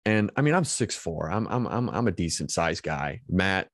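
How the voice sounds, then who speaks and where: A male podcast host telling a story in casual chat, animated and laughing often, restarting his sentences as he goes. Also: sits low, normal speed, dry recording, clean studio sound.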